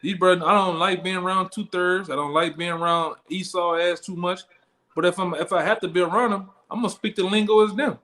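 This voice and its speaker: A man leads a Bible study in blunt, profane street talk, capping his lines with "man" and "all right?" in street-style scripture teaching. His voice sits high with a steady tone, fairly quick, bright and forceful.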